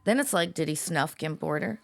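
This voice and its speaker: A woman's voice: low-pitched, vocal fry, noisy background. Blunt, profane woman co-host. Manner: blunt, profane, quick interjections. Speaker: podcast co-host. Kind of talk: casual chat.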